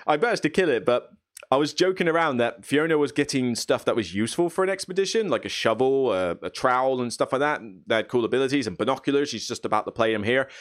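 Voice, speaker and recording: An adult man at an ordinary middle pitch recaps a board game session for his channel. He tells it as a lively story. He often laughs and acts out how he reacted at the table. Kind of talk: casual gameplay recap.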